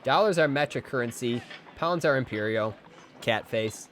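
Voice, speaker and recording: An excitable male game streamer who jokes with his chat while he plays. His voice sits at a middle pitch, and his reactions jump high when something surprises him. Faint ambient noise hums behind him. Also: moderate pace. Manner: excitable, jokey, talks to chat. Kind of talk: casual live gameplay commentary.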